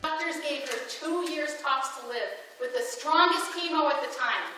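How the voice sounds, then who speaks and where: A woman giving an inspirational speech, telling a story in a lively, conversational way with rhetorical questions. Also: high-pitched, normal speed, loud music behind the voice. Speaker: inspirational speaker. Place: large hall before an audience. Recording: echoey hall, distant mic, faint noise.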